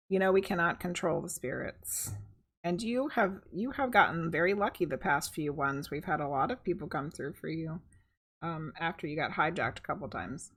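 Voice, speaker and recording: A woman psychic medium giving a live-stream tarot reading, reading chat aloud and thinking out loud with a chatty, soft-spoken manner. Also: deep voice, slightly rough.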